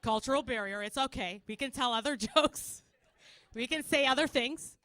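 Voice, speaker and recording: A young Canadian woman with a Canadian accent doing a loud, animated stand-up set, acting out characters and laughing often. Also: high voice, normal speed, no echo. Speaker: stand-up comedian.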